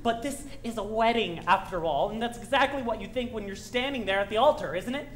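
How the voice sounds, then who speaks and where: A woman's voice: fairly high pitch, brisk, lightly acted. A woman playing a lonely middle-aged male musical fan, talking straight to the audience in a rambling, confiding way on a stage. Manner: confiding, rambling, wry asides. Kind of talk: stage play acting, direct address. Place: theater stage.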